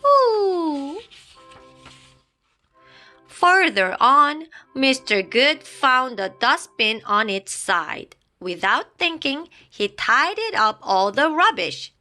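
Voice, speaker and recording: Faint music sits behind a woman giving an expressive read-aloud of a children's picture book, complete with sound effects and a dramatic, playful flair. Her voice is high and sing-song, pushed and bright, moving at a slow pace with few pauses.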